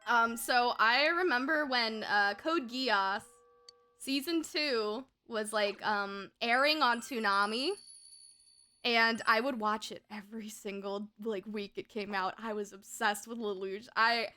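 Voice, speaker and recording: A woman's voice: a little high, unhurried, pushed and bright. A young woman streamer telling a story in casual, rambling chat, full of fillers, laughter and swearing, at a home desk mic.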